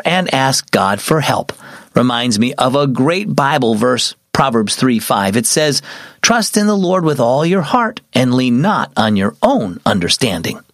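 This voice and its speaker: A young man hosts and narrates a children's devotional story, his voice moving in lively swings of pitch. He speaks earnestly and expressively, close to the mic, with a dry sound and no room around him. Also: dry recording. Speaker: host and storyteller.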